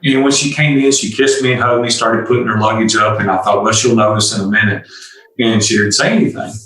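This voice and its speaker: Older male guest, confessional storyteller, mid-pitch, recorded off-mic in a reverberant room. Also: steady tone, quick pace, fairly bright tone, recorded from a distance. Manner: earnest, confessional, acts out dialogue. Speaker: guest entrepreneur. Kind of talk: candid storytelling interview.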